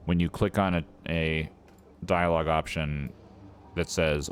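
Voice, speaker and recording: A man's voice: rumbling low, steady tone, measured pace, clean tone, faint music behind. A man giving wry, sardonic commentary while streaming a game. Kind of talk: let's-play commentary.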